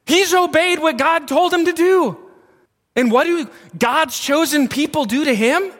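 High-voiced pastor preaching slowly. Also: male voice, a bit bright, big-room sound. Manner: emphatic, asks the congregation questions. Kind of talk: sermon.

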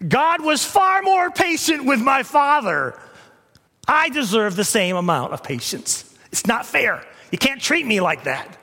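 A preacher putting on the voice of a proud young king who protests his doom, pleading and shouting. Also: very high voice, sing-song, unhurried, vocal fry, in a large hall, voice pushed up, full character voice. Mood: indignant pleading.

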